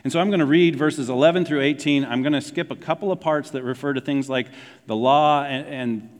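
Male pastor, animated sermon delivery with quiet low emphasis, recorded in a reverberant hall. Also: a little fast. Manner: animated, conversational preaching, dropping low for emphasis.

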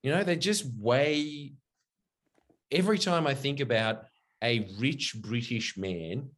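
A man and comedian co-hosting a podcast, joking in a crude, animated way. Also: mid-range voice, slow pace. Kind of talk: casual chat.

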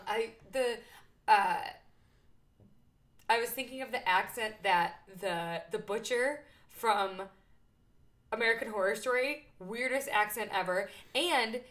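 A woman's voice: fairly high pitch, normal speed, a bit bright. A woman co-hosting a podcast in casual chat, joking and rambling into side stories. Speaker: podcast co-host.

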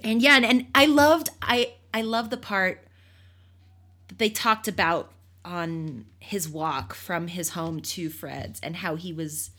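Woman, lowish voice, enthusiastic casual podcast retelling, laughs a lot. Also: takes it slowly, bright, forceful tone. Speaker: podcast co-host. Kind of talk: casual chat about a book.

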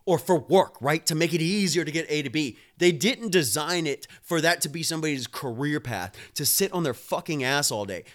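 A man's voice: a little high, a bit bright. A man hosting a live stream, ranting with heavy swearing while drinking a beer and answering viewers. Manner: profane, fired-up ranting, talks to viewers.

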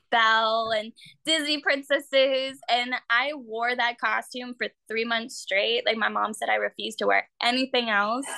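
Bright chatty young woman. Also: vocal fry, no echo. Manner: chatty, full of "like" fillers, acts out quotes in high voices. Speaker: guest, actor and artist. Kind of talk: casual interview talk.

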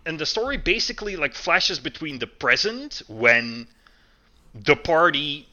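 A man's voice: measured pace, highs cut off. A man co-hosting a podcast, talking in a loose, rambling way with lots of fillers and restarts. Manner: rambling, many fillers and restarts, lively swings in pitch. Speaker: podcast co-host. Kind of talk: casual chat.

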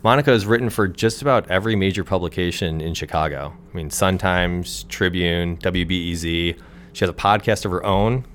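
Deep-voiced male podcast co-host. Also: a little fast, a little hiss or hum. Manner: relaxed, joking banter. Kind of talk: casual chat.

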